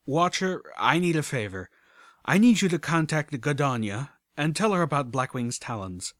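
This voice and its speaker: A man's voice: a little high, sing-song, normal speed, fairly bright tone, no echo, studio quality, pitched above the performer's own voice. Small determined unicorn mare, earnest and pushy, from a male reader. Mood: urgent. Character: small young female unicorn, determined and blunt.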